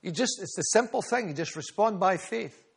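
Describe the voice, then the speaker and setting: Man, preacher, sermon, high-pitched, fervent, rhythmic repetition. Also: lively intonation, normal speed, gravelly, husky. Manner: fervent, calls out congregation members by name; rhythmic repetition, builds in volume.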